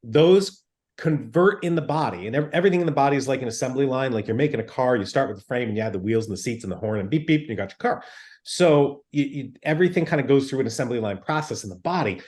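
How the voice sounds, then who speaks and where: A man's voice: mid-range voice, expressive, quick pace, darkish tone. A man speaking as a doctor in an interview. He explains in an emphatic, teacherly way and uses everyday comparisons. He keeps checking in with his listener as he goes. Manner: emphatic, explains with plain examples and "okay" check-ins. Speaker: physician guest.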